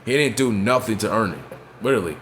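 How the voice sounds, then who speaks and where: Quick and a bit bright, his fairly low voice has lively intonation, with slight noise in the background. The wrestling commentator vlogger delivers a blunt, cursing, casual rant, often asking if you know what he's saying.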